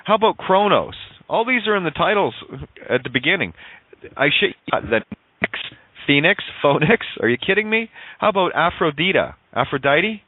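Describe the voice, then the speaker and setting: Male call-in radio host, animated, profane, laughing; thin, dry phone-quality audio. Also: a little high, normal speed, no room sound. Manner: animated, swears freely, laughs often, wordplay on sounds. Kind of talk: excited, rambling call-in radio talk.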